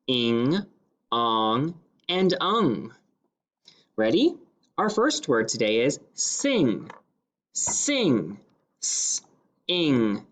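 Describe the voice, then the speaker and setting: A man teaching a phonics dictation lesson to young pupils, sounding out each word slowly and clearly and repeating it several times. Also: mid-range voice, a bit bright.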